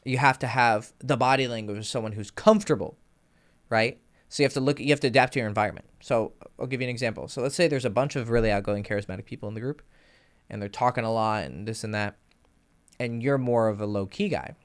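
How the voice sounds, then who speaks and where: A man's voice: mid-range voice, quick pace, clean tone. A young man casually coaching on dating and charisma. He swears freely and uses vocal sound effects. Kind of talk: casual advice monologue.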